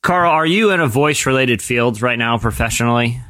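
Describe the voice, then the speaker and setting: A man's voice: medium pitch, a little fast, sharp tone, dry recording. A man hosting a podcast, chatting casually with a caller, joking and riffing on the guest's stories. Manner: jokey, laughing, riffs on the guest. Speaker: podcast host. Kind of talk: casual interview chat.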